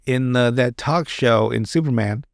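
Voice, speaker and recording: A man chats on a podcast in a loose, rambling way. He swears freely and restarts his sentences often. His voice sits at an ordinary middle pitch and sounds close and dry, with no room behind it. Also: a little slow, creaky, no room sound. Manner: rambling and profane, with many restarts. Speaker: podcast host. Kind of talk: casual chat.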